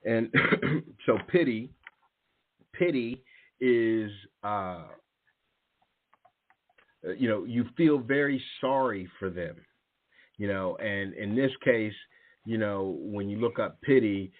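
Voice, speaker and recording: A man's voice: fairly low pitch, takes it slowly, pauses often. A man hosting a casual spiritual talk radio show, rambling with restarts and acting out the voices in his stories. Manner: animated storytelling, acting out quoted voices. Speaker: radio show host and youth coach. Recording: narrow phone-like line.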